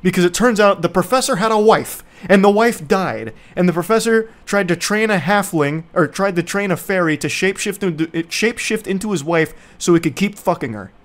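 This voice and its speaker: A young man with a slightly higher voice, chatting loosely to his stream audience. His tone is sarcastic and profane, with a rambling, off-the-cuff delivery full of asides. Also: expressive, fairly quick, hardly any pauses, a bit bright. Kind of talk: casual movie recap to viewers.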